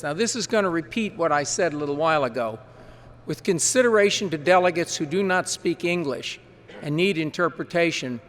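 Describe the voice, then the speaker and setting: A man who serves as parliamentarian, briefing a large assembly on procedure in a folksy, quick way with chatty asides. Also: a little high, a bit bright. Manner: folksy, quick-talking, explains rules with asides. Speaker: parliamentarian advising delegates. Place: large conference hall.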